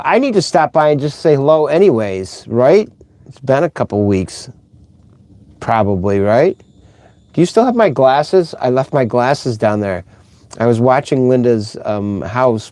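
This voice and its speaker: A man's voice: medium pitch, a little mellow, dry recording. A middle-aged man hosting a casual live stream, rambling and chatty as he reads out viewer comments.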